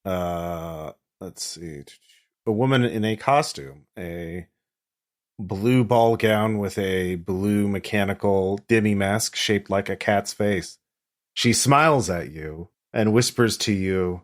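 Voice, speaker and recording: Guy running an rpg, lowish voice, lots of ums, easygoing. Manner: relaxed, with many ums and pauses. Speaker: game master. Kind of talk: narrating a tabletop game.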